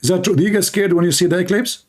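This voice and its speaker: A man's voice: high-pitched, racing. A man whose first language is Arabic hosts a live-stream debate in English. He is blunt and mocking and keeps repeating his questions. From Middle East.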